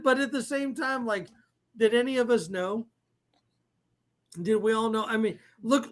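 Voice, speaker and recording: A middle-aged man hosting a casual live stream, rambling and swearing, often breaking into laughter. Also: high-pitched. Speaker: podcast host.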